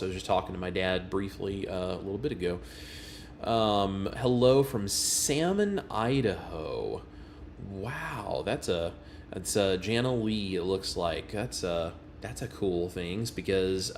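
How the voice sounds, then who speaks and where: A man hosts a casual livestream. He greets his viewers one by one in a friendly, easygoing way. Faint noise sits behind his voice. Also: fairly low pitch. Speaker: livestream host.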